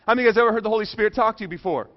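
A middle-aged man preaching a sermon, telling a personal story with jokes and dropping soft and low for serious moments. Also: very fast. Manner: animated, joking, drops soft and low for emotional parts. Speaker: pastor. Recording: dull lo-fi sound.

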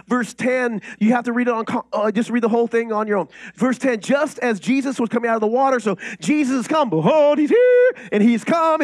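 A pastor preaches in a high, husky voice, swinging animatedly from booming declarations to near-whispered, intimate asides. He keeps it conversational, tossing out rhetorical questions and restarting sentences. The recording is dry and close.

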